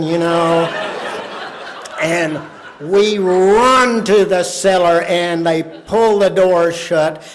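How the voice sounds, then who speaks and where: A man from spins a humorous story to a live audience. His voice sits a little high, and his delivery is dramatic and dry. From Texas. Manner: folksy, dramatic, wry.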